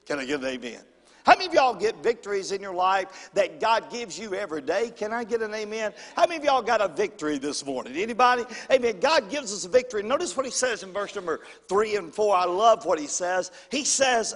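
High-pitched animated preacher, echoing hall. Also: male voice, a little fast. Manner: call-and-response preaching, animated swings between loud and hushed. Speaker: pastor. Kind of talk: sermon. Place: church sanctuary. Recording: long hall reverb.

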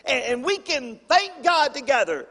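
A male pastor preaching a sermon, calling for amens and swinging between loud and hushed delivery. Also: very high voice, sing-song, moderate pace. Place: church sanctuary. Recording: long hall reverb.

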